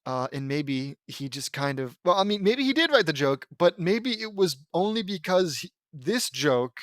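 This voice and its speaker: A man with a somewhat high voice picks apart a fan story as he reads it aloud, rambling and sarcastic. The sound is dry and close, with no room around it. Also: very animated, normal speed, fairly bright tone, no room sound. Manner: sarcastic, rambling, increasingly exasperated. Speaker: fan fiction reader and critic. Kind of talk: mocking read-aloud with commentary.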